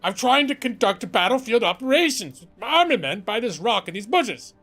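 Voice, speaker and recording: A wide-eyed, overexcited viewer bursts in, breathless and shouty, dragging out a rambling tale with dramatic pauses, as a man puts him on. The voice sits high and loud, racing through the story in a frantic rush. It plays like a bit on a gaming stream. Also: expressive, faint music behind. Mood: breathless, excited.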